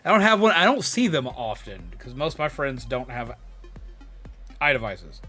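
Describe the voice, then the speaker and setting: A man streaming live, telling a story casually and excitedly, cursing freely and using lots of fillers. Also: mid-range voice, moderate pace, faint music behind. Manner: excitable, swears a lot, many fillers.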